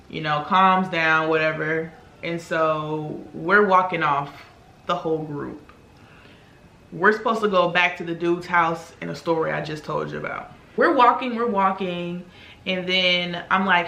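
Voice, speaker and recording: A young woman spins a long story in a casual, animated way and slips into other people's lines as she tells it. Her voice is bright with a gravelly rasp. The room around her echoes noticeably. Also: fairly low pitch. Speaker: beauty vlogger. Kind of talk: casual storytelling while doing makeup.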